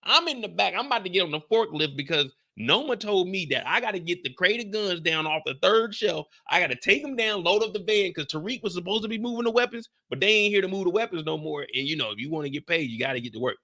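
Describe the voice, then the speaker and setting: A young man recapping a TV episode on a live stream, telling it in an animated, profane way and talking to his chat. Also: high-pitched, fast, hardly any pauses.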